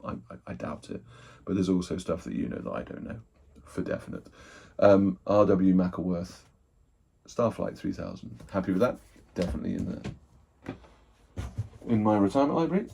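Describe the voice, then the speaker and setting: A man's voice: sits low, moderate pace, creaky, long pauses, mellow, breathy edge. A man chatting casually and rambling as he unboxes and sorts a haul of old books, thinking aloud and poking fun at himself. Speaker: book collector, channel host.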